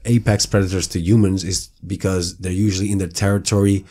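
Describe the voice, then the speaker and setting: A man who is a guest on a podcast, talking in laid-back casual chat and telling animated stories. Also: sits low, fast talker. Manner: laid-back, says "bro", animated storytelling.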